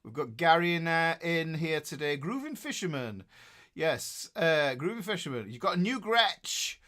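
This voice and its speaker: A man's voice: on the high side, sing-song, moderate pace, sharp tone. A middle-aged man, chatting casually as a guitar teacher hosting a live class and reading out viewers' names with jokes and fillers. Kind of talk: casual live-stream chat.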